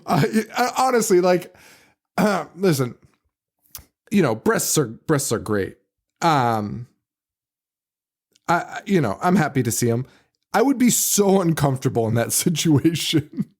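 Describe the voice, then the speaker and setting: Animated man chatting about a movie. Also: fairly high pitch, a little slow, pauses often. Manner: animated, laughs often, acts out quotes. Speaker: podcast host. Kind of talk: casual chat about a film.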